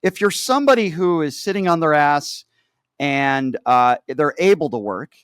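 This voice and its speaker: A male talk-show host with a slightly high voice who presses his points hard, repeating key phrases for emphasis. The recording is dry and close-miked. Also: lively intonation, moderate pace, fairly bright tone, smooth, no echo.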